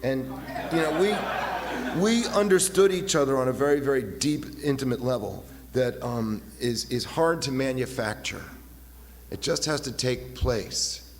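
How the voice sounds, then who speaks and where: A man in his fifties giving a halting, personal talk at a recovery meeting, often repeating his words and acting out voices as he retells. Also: medium pitch. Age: 50s. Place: meeting hall. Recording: long hall reverb, faint hiss.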